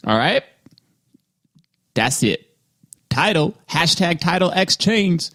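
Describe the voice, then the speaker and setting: A man with a fairly high voice banters playfully as a podcast co-host, reading through a sponsor spot. He keeps laughing and teasing the others while he runs the ad copy. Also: big pitch swings, slow pace, a bit bright.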